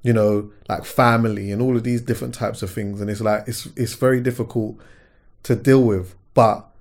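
A man's voice: fairly low pitch, fairly even intonation, a little mellow. Reflective man hosting a podcast. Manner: reflective, halting, with casual slang. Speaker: podcast host. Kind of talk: casual podcast conversation.

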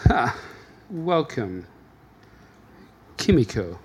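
A man's voice: mid-range voice, very animated, extremely slow. An old fortune-teller woman who cackles and fusses over her guests in a tabletop game, played by a man in a light, barely changed voice. There is a faint ambient noise in the background. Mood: welcoming.

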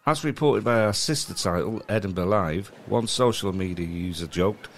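A man's voice: lowish voice, moderate pace, a little hiss or hum. A man co-hosting a casual comedy podcast, rambling and reading a news story aloud with wry asides. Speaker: podcast co-host.

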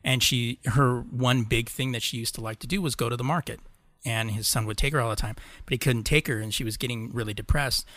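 A man's voice: mid-range voice, sharp tone, no echo. A man co-hosting a casual podcast, rambling through stories, swearing casually and laughing often. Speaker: podcast co-host. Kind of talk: casual chat.

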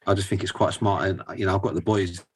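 Young dad, guest on a video call, laid back, rambles, lots of ums, lowish voice. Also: male voice, quick pace, slightly rough. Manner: relaxed, rambling, many fillers. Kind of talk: casual video-call interview.

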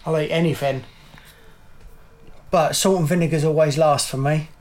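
A middle-aged man with a noticeably high-pitched voice, talking in a loose, rambling way and breaking into laughter as he goes. He co-hosts a casual chat podcast. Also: fairly even intonation, normal speed, darkish tone. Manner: chatty, laughs often, rambling. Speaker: podcast co-host.

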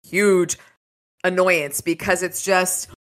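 A woman's voice: lowish voice, slow. Easygoing woman podcast co-host. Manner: relaxed, laughs easily, agreeable. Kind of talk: casual book-discussion chat.

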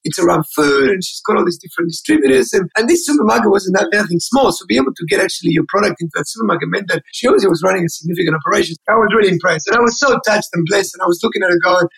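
Fast, gravelly man telling stories. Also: sits high, expressive, a bit bright, rough recording. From Australia. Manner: enthusiastic, fast, acts out dialogue. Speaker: interview guest, keynote speaker. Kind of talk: animated storytelling.

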